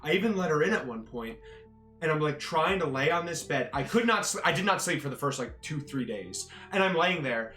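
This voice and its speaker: Guest, woman, bright voice, lively pitch, energetic storyteller. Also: a little fast, faint music behind. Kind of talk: casual chat.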